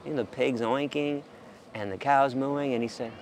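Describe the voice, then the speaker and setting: A man's voice: a little high, expressive, normal speed, gravelly, very noisy. A man speaking passionately about animal sanctuaries in a casual monologue, stammering into restarts and swearing now and then. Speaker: vegan animal rights advocate.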